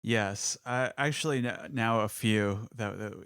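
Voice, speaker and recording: A man guesting on a podcast, talking in a hesitant, halting way with many restarts. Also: lowish voice, a bit bright, dry recording, clean studio sound. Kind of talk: casual podcast chat.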